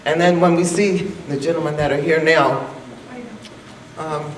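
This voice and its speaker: A woman, an Army officer called up by surprise, speaking emotionally and haltingly with many pauses. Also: low voice, steady tone, slight background noise. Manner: halting, with fillers and restarts. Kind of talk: impromptu thank-you remarks. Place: large banquet hall. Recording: echoey hall, distant mic, crowd behind.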